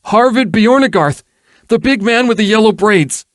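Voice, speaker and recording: A man voicing a terrified, cowardly male ruffian who pleads in a shrill, desperate voice in a fantasy audiobook. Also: animated, moderate pace, dry recording, studio quality. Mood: panicked pleading.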